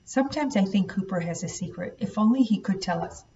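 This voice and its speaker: Woman voicing a gentle older grandmother, measured and firm, storybook reading, dull distant recording. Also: medium pitch, expressive, slight background noise, natural voice. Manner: soft, measured, reasoning. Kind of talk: audiobook read-aloud.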